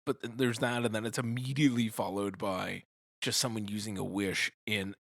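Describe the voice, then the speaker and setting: A man co-hosting a casual podcast chat, rambling a little and agreeing with quick replies. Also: on the low side, level tone, vocal fry, fairly bright tone, no room sound, clean studio sound. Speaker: podcast co-host.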